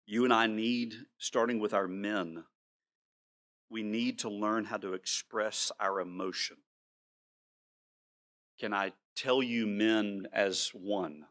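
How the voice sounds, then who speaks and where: A man's voice: fairly low pitch, a bit bright. Earnest male pastor preaching. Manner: earnest preaching, slows down to stress words, repeats himself. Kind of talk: sermon.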